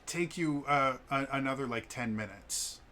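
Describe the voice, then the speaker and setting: A man's voice: mid-range voice, normal speed, crowd noise. A man running a tabletop game as game master, talking casually with lots of filler words and playful asides.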